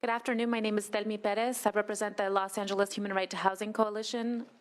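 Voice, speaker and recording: Woman rattling off her coalitions quick, crisp voice, public comment. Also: medium pitch, level tone. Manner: brisk, listing organizations. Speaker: housing coalition representative. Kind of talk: brief public testimony at a hearing.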